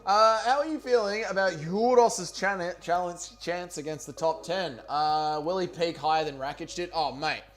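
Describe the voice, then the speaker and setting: A man's voice: sits high, normal speed, hardly any pauses, soft background music. An Australian man hosting a casual livestream, reading chat and bantering with viewers, with plenty of swearing and jokes. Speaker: livestream host.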